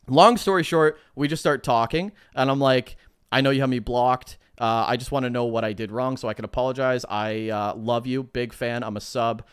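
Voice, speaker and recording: A man co-hosting a podcast, telling a story in a casual, animated way, swearing and acting out what people said. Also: medium pitch, moderate pace, clear, resonant tone, no echo, studio quality. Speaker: podcast co-host.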